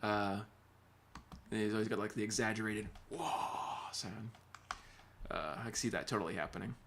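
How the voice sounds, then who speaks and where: Man, guitar teacher, casual livestream chat, rambling, bright tone. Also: fairly low pitch, normal speed, a little hiss or hum. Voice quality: animated, laughs easily, rambling.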